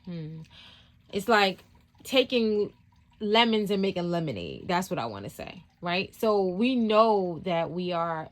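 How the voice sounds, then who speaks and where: A woman's voice: on the low side, very animated, unhurried. A woman hosting a spiritual vlog, telling a story from work in a rambling, casual way with lots of fillers and restarts. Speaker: spiritual channel host.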